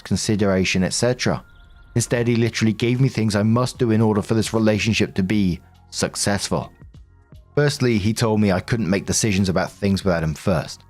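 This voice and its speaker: Guy narrating reddit-style stories, lowish voice, steady read, quiet music in the back. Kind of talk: scripted narration. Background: faint background music.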